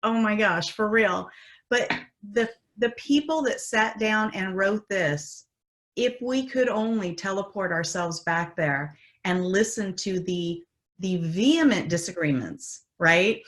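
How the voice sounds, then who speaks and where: Measured, earnest woman host. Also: mid-range voice, fairly bright tone. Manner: earnest, measured, with tag questions. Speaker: radio show host. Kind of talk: interview conversation.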